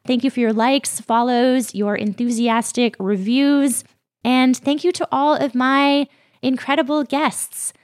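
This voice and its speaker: A woman hosting her own podcast, talking warmly and heartfelt as she thanks her listeners, a little teary. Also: high-pitched, steady tone, measured pace. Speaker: podcast host. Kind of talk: casual solo podcast talk.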